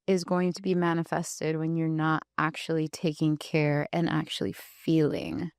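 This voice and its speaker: A woman with a fairly low, smooth and clear voice, talking through her ideas in an earnest, explaining way, often reaching for "like" as she goes. She is a guest in a relaxed podcast conversation, on a dry, close recording. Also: unhurried, dry recording. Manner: earnest, explanatory, heavy use of "like" fillers. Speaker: guest, spiritual coach and energy healer. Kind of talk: casual podcast interview.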